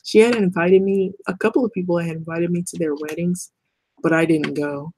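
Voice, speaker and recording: A woman's voice: fairly low pitch, steady tone, fairly quick, darkish tone, slightly rough. A middle-aged woman talking bluntly and rambling in a casual vlog monologue, swearing and laughing often. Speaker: vlogger.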